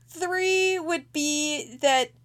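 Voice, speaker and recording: A woman casually recapping a TV episode as a podcast co-host, animated and acting out lines, with casual swearing. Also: high voice.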